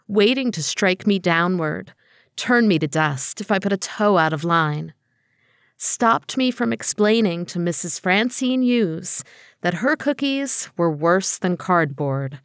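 Slow, wry woman narrator. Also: on the low side, no room sound, studio quality. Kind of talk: storytelling narration, first person.

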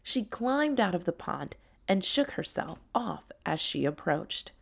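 A woman narrating a children's story in a gentle, unhurried way. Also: lowish voice, very animated, gravelly.

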